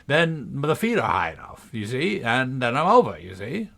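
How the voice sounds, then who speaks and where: A man's voice: mid-range voice, big pitch swings, normal speed, creaky, fairly bright tone. A man reading a storybook, voicing a clumsy, earnest old knight who rambles on solemnly about his inventions. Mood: earnest, rambling.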